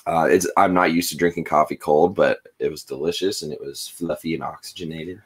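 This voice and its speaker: Deep-voiced man chatting casually. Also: fairly quick, husky. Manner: relaxed, rambling storyteller. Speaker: podcast co-host. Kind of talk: casual chat. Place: home in a hot valley.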